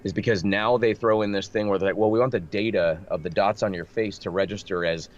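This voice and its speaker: A man's voice: on the low side, fairly even intonation, fast. A man who works as a voice actor, chatting animatedly in an interview, with a slightly nasal voice and lots of restarts. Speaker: voice actor guest. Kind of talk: casual interview chat. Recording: dull lo-fi remote audio with faint noise.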